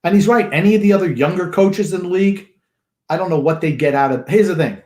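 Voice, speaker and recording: A man's voice: a little high, a little mellow. A man co-hosting a call-in sports podcast, joking and reassuring with callers. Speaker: podcast co-host. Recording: echoey room.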